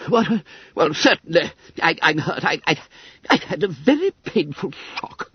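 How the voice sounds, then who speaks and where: A man's voice: fairly high pitch, very animated, unhurried, breathy edge, pitched above the performer's own voice, full character voice. A man voicing a small, fussy middle-aged male school secretary who is breathless, pompous and stammering. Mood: indignant. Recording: dull, dry audiobook recording.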